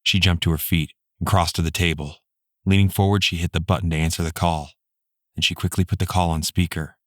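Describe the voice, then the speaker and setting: A man narrates an audiobook in a steady, measured manner, reading from a script. His voice sits low, and the recording is clean studio audio with no room sound.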